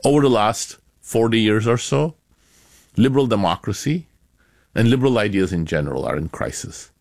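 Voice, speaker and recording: Academic author guest: deep-voiced man, dry studio sound, steady explanations with sudden emphasis. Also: gravelly, no room sound. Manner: measured, explanatory, lively emphasis. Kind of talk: interview answers.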